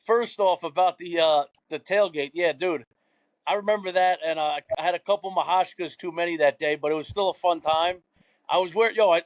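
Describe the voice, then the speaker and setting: A man's voice: sits high, no echo. Profane rambling young New man. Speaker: podcast guest. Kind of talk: casual chat.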